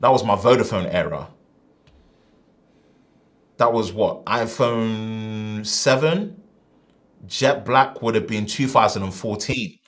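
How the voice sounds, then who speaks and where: Animated, slangy man live-streaming. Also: fairly low pitch, slow pace, pauses often. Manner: animated and slangy, swinging between loud bursts and quiet asides. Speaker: tech reviewer hosting a live stream. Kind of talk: casual live-stream chat.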